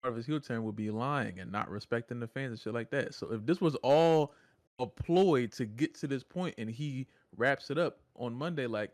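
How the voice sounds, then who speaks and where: A man's voice: medium pitch, normal speed, no room sound, studio quality. A man co-hosting a podcast in loose, joking casual chat, swearing freely. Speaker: podcast co-host.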